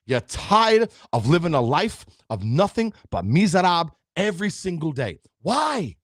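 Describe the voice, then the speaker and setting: A man's voice: a little high, big pitch swings, moderate pace, no room sound, studio quality. A middle-aged man hosting a podcast, giving an emphatic, preachy motivational talk straight to his listeners. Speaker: podcast host.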